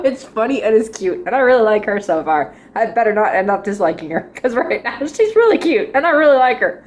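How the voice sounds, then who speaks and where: A woman's voice: on the high side, big pitch swings, brisk, few pauses. A young woman chatting casually as she reviews a drama, rambling and giggling often as she goes.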